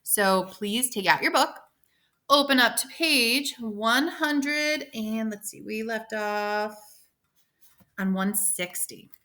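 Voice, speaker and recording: A woman teacher speaks to her fifth grade class, encouraging and instructive as she sets up a read-aloud. Her voice is bright and clear, and she often speeds into quick asides. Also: on the high side, animated. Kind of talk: reading a novel aloud to a class.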